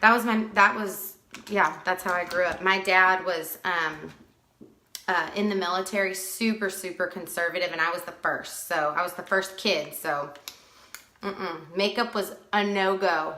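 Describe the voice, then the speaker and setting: Bright-voiced chatty woman, roomy sound. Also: lowish voice, steady tone, measured pace. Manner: chatty, greets viewers by name. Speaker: makeup seller doing a live tutorial. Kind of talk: casual live-stream makeup tutorial. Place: at home, with dogs nearby.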